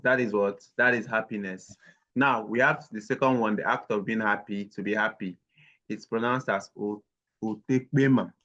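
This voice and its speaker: Low-voiced man teaching over a call. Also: fairly even intonation, pushed and bright. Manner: patient, slowly repeats words for learners. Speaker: language teacher. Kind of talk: online language lesson. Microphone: video call. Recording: dull lo-fi call audio.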